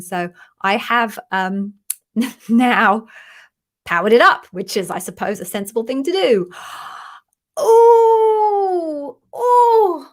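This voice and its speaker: A woman's voice: mid-range voice, a bit bright. A woman hosting a live question-and-answer stream, chatty and encouraging, openly emotional as she answers viewers. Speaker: livestream host, interview coach.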